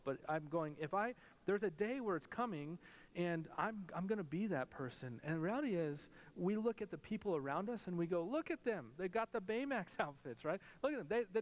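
A man in his thirties, a pastor, giving a conversational sermon and telling family stories, his voice leaping up when he quotes others. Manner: conversational storytelling, pitch jumps when quoting others. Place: church sanctuary. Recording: long hall reverb.

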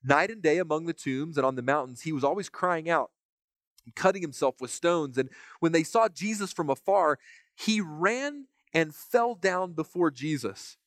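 A man's voice: a little high, expressive, moderate pace, a bit bright, no room sound. Man preaching casually in a dry room. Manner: casual, repeats words when starting phrases; reads scripture aloud between comments. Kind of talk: conversational Bible teaching.

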